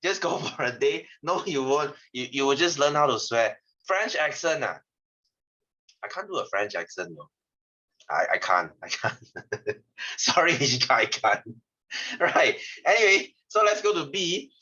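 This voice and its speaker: A man's voice: fairly high pitch, sing-song, a little slow, pushed and bright. Chatty Malaysian man tutoring science. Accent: Malaysian English. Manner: chatty, rambling, laughs often. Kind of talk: casual online lesson. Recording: slightly dull lo-fi audio.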